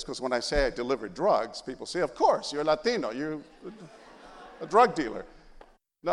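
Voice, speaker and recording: A middle-aged man from San Antonio tells his life story in an animated, humorous way. His pitch rises and falls a lot. A long reverb hangs after each phrase, as in a large hall. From San Antonio, Texas. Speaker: journalist giving a talk. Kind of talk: storytelling speech.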